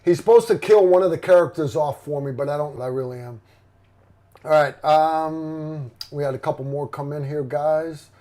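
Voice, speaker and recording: A man's voice: fairly high pitch, darkish tone. A middle-aged man hosting a livestream in casual chat, rambling and blunt with lots of fillers and restarts. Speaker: livestream host.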